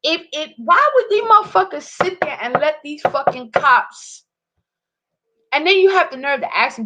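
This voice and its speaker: A woman delivering an angry, profane monologue to camera, swinging between loud outbursts and low muttering. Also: expressive, moderate pace. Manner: heated, profane ranting.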